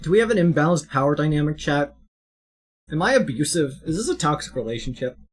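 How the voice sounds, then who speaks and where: Playful game streamer with a lively, up-and-down delivery, joking with a co-host; soft music bed. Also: medium pitch, quick pace, breathy edge. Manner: animated, jokey, slips into silly voices. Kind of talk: casual game let's-play chat.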